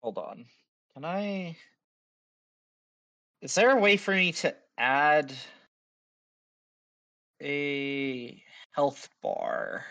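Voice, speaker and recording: A game master narrating a tabletop session in an unhurried way, with a bright, forward voice. He stops and starts as he works out what happens next, filling the gaps with pauses. A man runs the game. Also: a little high, lo-fi sound. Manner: halting, thinking aloud with frequent pauses.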